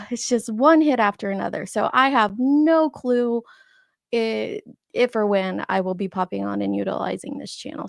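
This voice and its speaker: A woman's voice: mid-range voice, vocal fry, no echo, studio quality. A woman in her forties hosting a casual live stream, chatting and laughing as she greets viewers by name. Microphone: streaming setup microphone.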